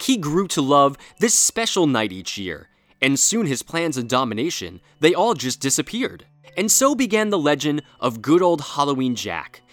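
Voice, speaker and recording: A man narrating a rhyming Halloween story in a playful, expressive storybook style. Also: on the high side.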